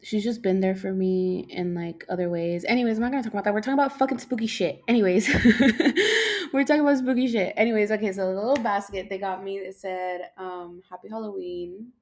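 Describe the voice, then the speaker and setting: A woman's voice: mid-range voice, brisk. A young woman hosting a casual podcast, rambling, swearing a lot, losing her train of thought and yawning as she talks. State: yawning, tired. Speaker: podcast host.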